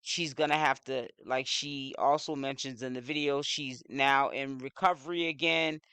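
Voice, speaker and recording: Male commentator, crisp and clean tone, easygoing rambling delivery, dry sound. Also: mid-range voice, steady tone, moderate pace, bright, forceful tone, dry recording. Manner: rambling, many "you know" fillers. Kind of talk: casual commentary.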